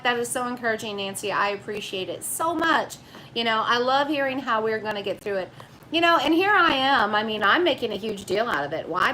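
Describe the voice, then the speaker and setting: Emotional, emphatic woman, bright voice. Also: on the high side, slight background noise, rough recording. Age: middle-aged. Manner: emotional, emphatic, repeats words for stress. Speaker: vlog host reading live chat. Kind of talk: casual live-stream chat.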